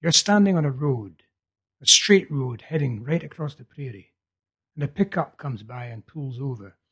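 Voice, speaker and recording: A man reading the part of a feverish young man urgently telling a vision, in a husky voice. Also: medium pitch, expressive, normal speed, fairly bright tone. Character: feverish young male prophet, intense and urgent.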